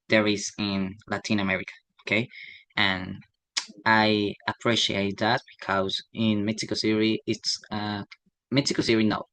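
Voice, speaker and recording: A young man giving a class presentation in a halting, hesitant way, often ending sentences with a questioning tag. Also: on the low side, a bit bright, no room sound, rough recording. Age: young adult. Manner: halting, tags sentences with "okay?". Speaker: student presenter.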